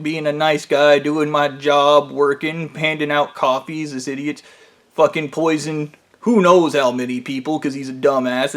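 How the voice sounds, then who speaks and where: A man telling a rambling, profane comedic story about his workplace in a conspiratorial tone. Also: fairly high pitch.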